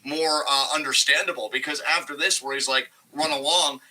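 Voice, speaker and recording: Bright-voiced man in casual wrestling chat. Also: medium pitch, a little fast, a little hiss or hum, poor audio. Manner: rambling, animated, frequent swearing. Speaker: podcast co-host.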